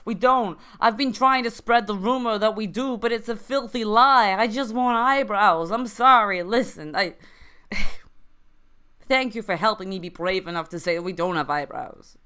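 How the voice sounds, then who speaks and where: A tearful male trout pleads in a thick Boston accent, his voice pitched up and smooth. He is insecure and longs for eyebrows, and a woman acts him out for a live-streamed story. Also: normal speed, pushed and bright, close to an everyday voice.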